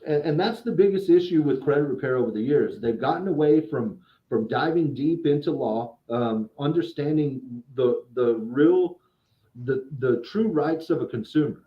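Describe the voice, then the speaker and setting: A man's voice: mid-range voice, expressive, moderate pace, reverberant, muffled recording. A man in casual podcast chat, a credit repair specialist explaining things at length, often restarting and repeating words.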